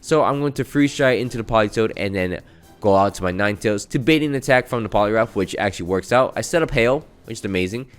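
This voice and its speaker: A man with a low voice recaps a video game run in a casual voice-over. He is chatty and self-mocking, rattling through each battle move. Soft music plays faintly behind him. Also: expressive, fast, clean tone. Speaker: gaming channel host. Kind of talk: casual gameplay recap commentary.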